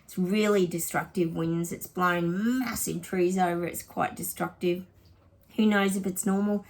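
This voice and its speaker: A woman's voice: fairly low pitch, steady tone, a little slow, darkish tone. An Australian woman psychic chatting casually to her viewers in a rambling vlog reading.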